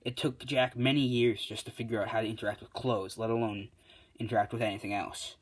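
Man, casual storyteller, medium pitch, halting, lots of fillers and self-corrections. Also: fairly even intonation, slightly rough. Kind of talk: casual retelling of a fan story.

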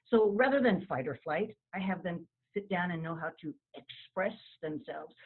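A woman's voice: on the low side, lively intonation, normal speed, slightly rough. A woman therapist explaining relationship advice in an earnest, explanatory way during an interview. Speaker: marriage and family therapist guest. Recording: tinny phone-line sound.

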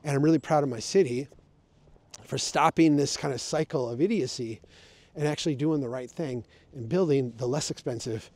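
A man's voice: mid-range voice, moderate pace, a little mellow. A man explaining his point of view in a casual vlog, talking conversationally with emphatic, sarcastic asides. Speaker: urban planning advocate.

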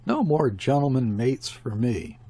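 A man voicing a gruff, uneasy ship captain who speaks sharply and growls his orders. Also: medium pitch, very animated, unhurried, warm tone, exaggerated voice. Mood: grumbling.

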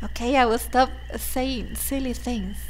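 A woman's voice: on the high side, fairly even intonation, unhurried, background noise. A woman hosting a let's play, chatting casually and giggling and gushing as she comments on the game. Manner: giggly and gushing, laughs often. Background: faint game music.

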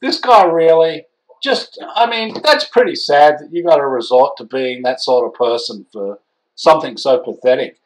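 A man's voice: fairly high pitch, moderate pace, rough recording. A man ranting indignantly in an opinion vlog, exasperated and scolding. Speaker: vlogger.

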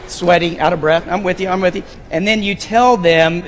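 A man preaching a sermon from a church stage, animated and playful as he directs volunteers through a scene. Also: high-pitched, normal speed, few pauses. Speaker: pastor. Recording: long reverb of a large sanctuary.

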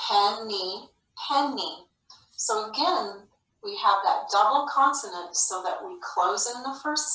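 A woman teaching a phonics lesson to young children, speaking slowly and clearly with an encouraging classroom manner. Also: mid-range voice, pushed and bright. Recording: echoey room, slightly far from mic.

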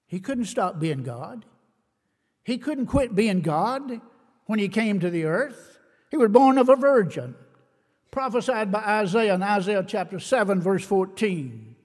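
A man preaching a sermon, reading scripture in old-fashioned wording and slowing down to stress key words with emphasis. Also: high-pitched, a little mellow. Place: church sanctuary. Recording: long reverb of a church hall.

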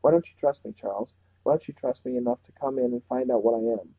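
Coaxing sinister stranger in a storybook, read by a man in a dark, close, dry voice. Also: mid-range voice, quick pace, vocal fry, no room sound, poor audio. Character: sinister man offering false comfort.

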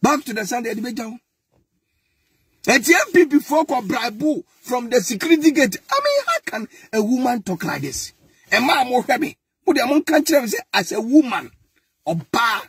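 A man's voice: very high voice, very animated, normal speed. A Ghanaian man giving mocking, exasperated political commentary, now and then breaking into laughter.

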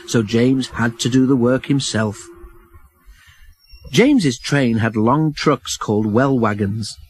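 A man narrating a children's storybook in an expressive, even reading. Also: medium pitch, rough recording.

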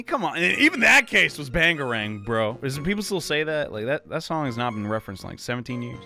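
Slangy man doing lively game commentary. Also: medium pitch, fast talker, creaky, few pauses, soft background music. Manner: loose, slangy, joking to himself. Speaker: gaming YouTuber. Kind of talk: casual let's-play commentary.

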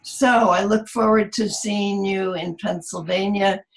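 A middle-aged woman teaching a memoir seminar over a video call from home, talking in a halting way with many fillers. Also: medium pitch, fairly even intonation, low-quality recording. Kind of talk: online video call presentation. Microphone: computer mic on a video call.

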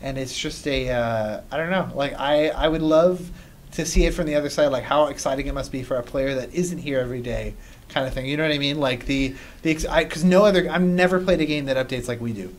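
A man hosting a game livestream, chatting excitedly and rambling with plenty of restarts. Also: medium pitch, a little fast. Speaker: community host of game livestream. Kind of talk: casual livestream chat while playing.

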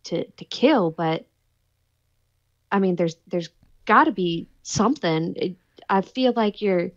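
A woman's voice: lowish voice, expressive, slow, highs cut off. A woman playing her character in a tabletop role-playing game, talking anxiously and stammering. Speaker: player.

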